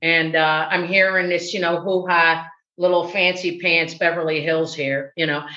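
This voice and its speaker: Bright, chatty woman from the Midwest. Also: on the low side, moderate pace. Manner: animated, chatty storyteller with laughs and restarts. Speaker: actress, interview guest. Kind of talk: casual interview chat. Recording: roomy, dull recording.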